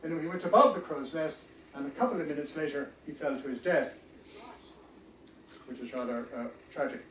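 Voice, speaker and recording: Halting lecturer in an echoey room. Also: male voice, on the high side, a bit bright, far from the mic, a little hiss or hum. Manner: halting, many ums and restarts. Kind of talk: illustrated history lecture.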